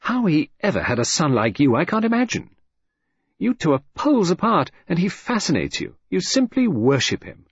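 A sharp-tongued, restless wife, voiced by a man, her words quick and pointed with irony. The voice is raised, a touch husky and full of lively rises and falls. The recording is dry and slightly muffled. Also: medium pitch, no room sound, voice pushed up. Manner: quick, vehement, ironic.

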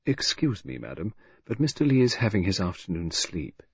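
A man playing a smooth, deferential male servant who speaks in a low, polite murmur. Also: very animated, moderate pace, no echo, exaggerated voice. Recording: dull, dry lo-fi recording.

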